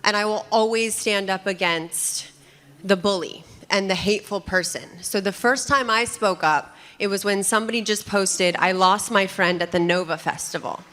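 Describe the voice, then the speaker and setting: Bright-voiced woman panelist, emotional and animated, telling her story on a conference stage. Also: mid-range voice, normal speed. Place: conference stage before an audience.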